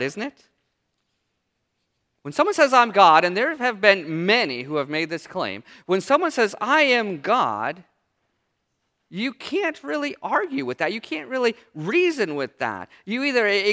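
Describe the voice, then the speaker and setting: A man preaching a sermon as pastor, with dramatic pauses, dropping low and soft on quoted lines. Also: long reverb tail.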